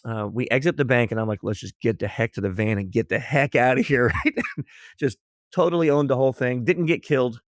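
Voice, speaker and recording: A man from the United States, a podcast guest, telling a story with lively energy and acting out each character's lines. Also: medium pitch, brisk, no room sound, studio quality. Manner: lively storyteller acting out dialogue, laughs often. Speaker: guest, social engineer. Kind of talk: animated storytelling in a podcast interview.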